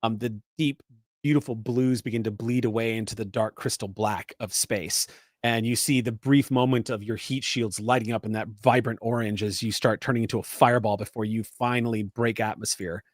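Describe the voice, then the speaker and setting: Laughing game master, dry close mic. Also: male voice, on the low side, steady tone, moderate pace, no echo. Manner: descriptive, laughs often, frequent fillers. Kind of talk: narrating a tabletop game.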